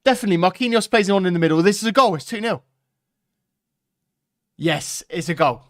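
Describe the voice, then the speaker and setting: Footy watchalong host, higher voice, bouncing all over, chatty and excitable, dry close sound. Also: male voice, fairly quick, no echo. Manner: excitable, chatty, laughing, talks to the chat. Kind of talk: live match watchalong chat.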